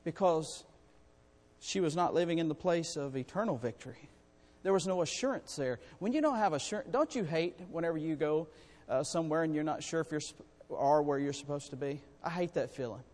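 High-pitched preacher in a reverberant hall. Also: male voice, fairly quick. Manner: folksy, animated preaching with calls to the congregation. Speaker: pastor. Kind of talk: sermon. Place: church sanctuary. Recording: long reverb in a church hall.

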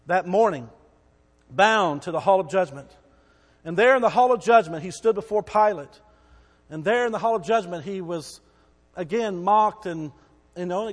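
A man preaching a sermon, retelling the story with drama and shouting out the crowd's cries. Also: sits high, in a large hall.

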